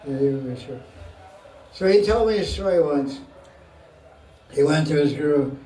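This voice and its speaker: A man's voice: a little high, animated, normal speed, warm tone. A man giving a scripture class to a live audience in a playful, joking way, often breaking into laughter. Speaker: spiritual teacher. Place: room with an audience. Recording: roomy, mic far off.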